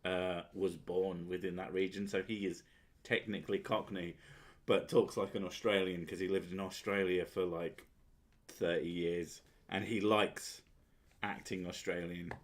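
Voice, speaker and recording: A man's voice: sits low, level tone, a little slow. A man hosting a casual chat, sweary and sardonic, often laughing at his own jokes. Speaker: podcast host.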